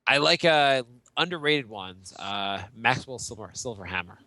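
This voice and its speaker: Brief: animated male co-host, bright tone, dry close sound. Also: medium pitch, moderate pace, no room sound. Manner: animated, jokey. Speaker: podcast co-host. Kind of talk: casual chat.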